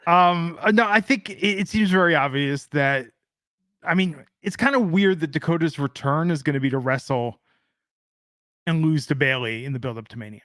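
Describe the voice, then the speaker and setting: A man's voice: fairly high pitch, moderate pace, fairly bright tone, dry recording. A man co-hosting a podcast in casual banter, tossing in dry, playful asides. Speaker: podcast co-host.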